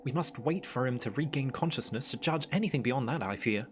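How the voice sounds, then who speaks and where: A man voicing a fretful, high-voiced scholarly woman in a game, with a put-on British-tinged accent and a prim, anxious way of asking. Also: expressive, fairly quick, faint music behind, lightly acted.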